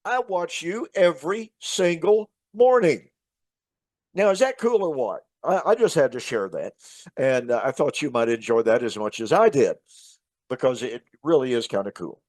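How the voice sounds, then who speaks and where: A man, a minister hosting his show, telling a casual personal story in a chatty, relaxed way with many "uh" fillers. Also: mid-range voice, normal speed, dry recording.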